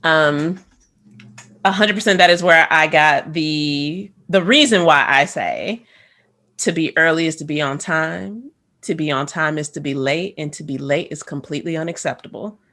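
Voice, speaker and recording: A woman co-hosting a casual podcast, lively and quick with asides and frequent laughter. Her voice is somewhat low in pitch yet bright and forceful. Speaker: podcast co-host, music teacher.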